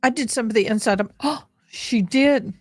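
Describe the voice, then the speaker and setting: Chatty woman streamer, higher voice. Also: moderate pace, no echo, studio quality. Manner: chatty, addresses viewers directly. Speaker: livestreamer. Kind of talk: casual livestream chat over gameplay. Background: faint game music.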